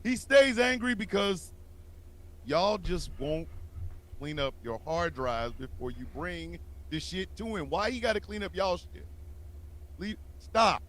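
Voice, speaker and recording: A man hosting a casual comedy chat show, excitable and profane, hyping up each guest as he introduces them. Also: sits high, a little slow. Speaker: show host.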